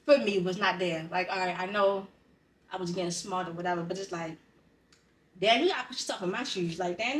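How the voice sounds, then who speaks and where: A woman in candid podcast conversation, speaking bluntly and with raw feeling, cursing freely. Her voice sits back from the mic in a roomy, echoing space, at a middling pitch. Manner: blunt, profane, emotionally raw storytelling. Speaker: podcast co-host. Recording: roomy sound, distant from the mic.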